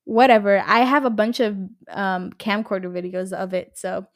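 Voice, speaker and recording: A medium-pitched woman speaks at a moderate pace while hosting a solo podcast. In her twenties and from the LA area, she's chatty and rambling, cursing freely and leaning heavily on "like" and "literally."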